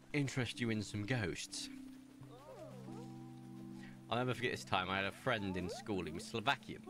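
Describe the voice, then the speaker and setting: A young man chatting casually while streaming a video game, rambling into stories and asides. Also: on the low side. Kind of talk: casual gameplay commentary. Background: faint game music.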